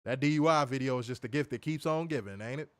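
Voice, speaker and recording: A man co-hosting a casual wrestling review podcast, animated, swearing freely and laughing often. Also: medium pitch, quick pace. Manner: animated, profane, laughs a lot. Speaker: podcast co-host.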